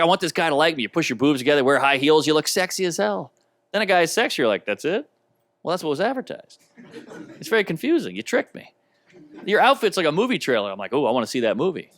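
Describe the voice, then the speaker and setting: Wry, deadpan male stand-up comic. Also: high-pitched. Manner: deadpan, wry, self-deprecating. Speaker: stand-up comedian. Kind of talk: stand-up comedy set. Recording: noisy recording of a comedy special.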